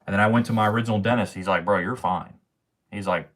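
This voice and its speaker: A young man talks to his livestream chat in a loose, slangy rant full of swearing. His voice sits on the low side, and his talk is offhand and casual. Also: fairly even intonation, fast talker, a little hiss or hum. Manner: slangy, ranting, swears often.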